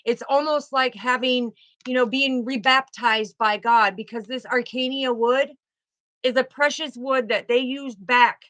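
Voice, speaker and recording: A woman delivers a spiritual tarot reading in a bright, somewhat high voice. She is emphatic and repeats her key phrases. The sound is close and dry. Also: no room sound. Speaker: tarot card reader.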